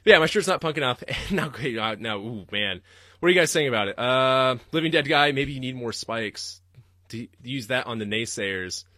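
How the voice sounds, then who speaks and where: A man hosting a podcast, ranting in a profane, rambling way and jumping suddenly into loud, high-pitched outbursts. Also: lively intonation, normal speed, no room sound, clean studio sound. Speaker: podcast host. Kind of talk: livestreamed comedic rant.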